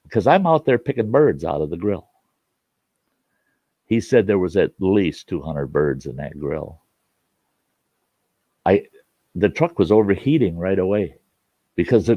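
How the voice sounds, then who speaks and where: A man's voice: fairly low pitch, no room sound, lo-fi sound. A man telling a folksy story in a rambling, casual way, hosting his own show and often restarting his sentences. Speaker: storyteller host.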